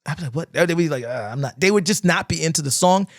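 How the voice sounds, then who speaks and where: A man on a podcast telling stories in casual chat, animated, swearing freely and acting out cheering friends. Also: on the high side, rapid-fire, no room sound, studio quality. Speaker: guest dancer. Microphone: podcast microphone.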